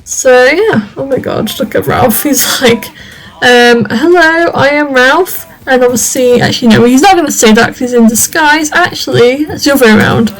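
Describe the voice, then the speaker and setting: A woman's voice: high-pitched, moderate pace, low-quality recording. A woman giving casual, rambling commentary over her gameplay. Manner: chatty, rambling, lots of fillers. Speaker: video game creator.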